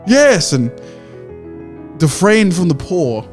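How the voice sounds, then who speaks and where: A man playing a jolly, old-fashioned English gentleman with hammy, theatrical exclamations in a comedy bit. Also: high voice, sing-song, takes it slowly, faint music behind, pitched above the performer's own voice, exaggerated voice.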